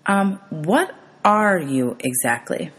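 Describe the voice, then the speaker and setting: A woman's voice: low-pitched, expressive, slow pace, fairly bright tone, breathy edge, full character voice. A woman reading as a bewildered teenage boy. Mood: incredulous. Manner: rising, incredulous questions.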